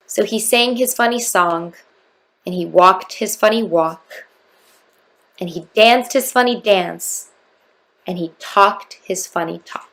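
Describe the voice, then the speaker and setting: A woman reads a rhyming storybook aloud, measured and expressive. Her voice has a noticeable gravelly fry. The delivery is even-pitched and steady. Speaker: storybook reader.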